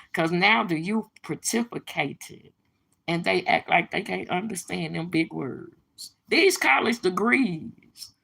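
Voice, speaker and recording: Gravelly, husky woman preaching on a livestream. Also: on the low side, sharp tone. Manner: emphatic, preachy, blunt and profane, addresses viewers as y'all. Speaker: livestream host. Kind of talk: casual livestream monologue.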